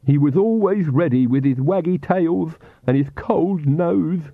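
Man voicing a grieving hulking servant, slow, sobbing, tinny sound. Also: medium pitch, no room sound, pitched above the performer's own voice, lightly acted.

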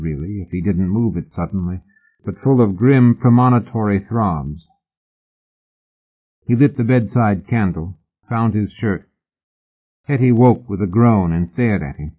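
A man narrating an audiobook in a measured, literary manner. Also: on the low side. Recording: husky voice on a tinny phone-like line.

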